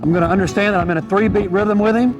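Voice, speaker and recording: A man's voice: high-pitched, fairly even intonation, racing, lo-fi sound. A man, a horse trainer, giving an easygoing, folksy riding lesson from horseback in an arena, repeating his key points. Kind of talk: instructional riding demonstration. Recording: music playing behind.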